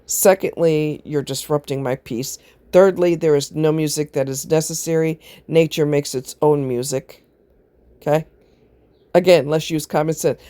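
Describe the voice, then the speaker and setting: A woman vlogger chats casually to camera, drifting from one aside to the next and laughing often. Her voice is low, mellow and unhurried with fairly even intonation, and there's no room sound.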